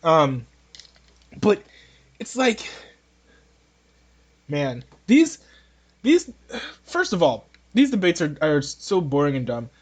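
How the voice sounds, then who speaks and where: Man, podcast host, high pitched voice, rambling, joking, casual opinion talk. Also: big pitch swings, slow pace, long pauses, husky. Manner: rambling, joking, many restarts.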